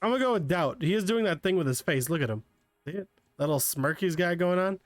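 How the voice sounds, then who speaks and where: A male streamer with a slightly higher voice, chatty and joking as he reasons aloud through a detective game. His voice is close and dry, with no room sound. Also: animated, fast talker, no room sound. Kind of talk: casual let's-play commentary.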